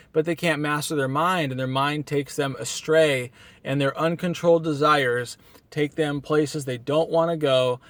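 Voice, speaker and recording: A sleep-deprived man gives a casual motivational talk in a one-take vlog, recorded outdoors in a beach town on a camera mic. His voice is medium-pitched and a little bright, the recording dry. He's earnest and self-hyping, rambling and restarting as he psychs himself up despite having had no sleep.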